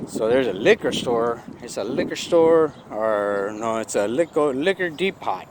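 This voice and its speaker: Man, vlogger retelling confrontations, rough and profane, mid pitch, noisy outdoor audio. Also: normal speed. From Long Beach, California. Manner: profane, agitated retelling with acted-out quotes. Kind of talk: casual storytelling.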